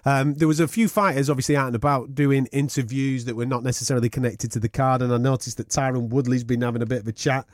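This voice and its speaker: A man's voice: mid-range voice, steady tone, no room sound, clean studio sound. A man co-hosting a casual fight podcast, running through the news with lots of fillers. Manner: quick, rundown-style delivery with many fillers. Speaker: podcast co-host. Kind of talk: casual sports podcast chat.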